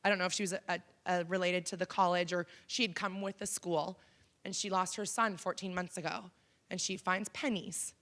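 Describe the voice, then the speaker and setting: A woman's voice: fairly low pitch, steady tone, fairly quick, fairly bright tone. Frank woman telling a personal story. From Canada. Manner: frank, conversational, many ums. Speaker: keynote speaker. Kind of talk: personal story talk to an audience. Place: college auditorium.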